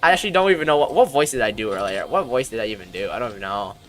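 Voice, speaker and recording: A woman streaming a game with casual commentary, chatty and animated, swearing casually and breaking into sudden squealing outbursts. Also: a bass voice, very fast.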